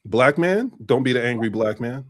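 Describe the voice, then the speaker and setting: A man's voice: medium pitch, animated, moderate pace. A man in his fifties, a guest on a casual interview, telling stories in a mix of street slang and business talk and repeating his phrases.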